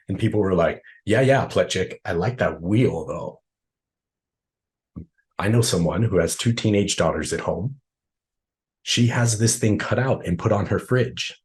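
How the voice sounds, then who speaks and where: A low-voiced man runs a training session for professionals. He talks casually, often ends points with tag questions and acts out what people think to themselves. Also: darkish tone. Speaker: workshop trainer.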